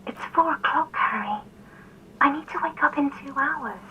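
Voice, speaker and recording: A woman's voice: high-pitched, normal speed, sharp tone, slight background noise. An actress voicing a sleepy, confused woman woken by a late phone call, plaintive and half-whispering. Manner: plaintive, drowsy, often whispered. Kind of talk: game voice acting.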